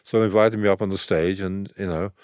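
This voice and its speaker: Older man, low-pitched rambling storyteller. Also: fairly even intonation, fast, darkish tone, clean tone, no echo, clean studio sound. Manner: rambling, acts out quoted dialogue. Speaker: photographer, interview guest. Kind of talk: relaxed anecdotal storytelling.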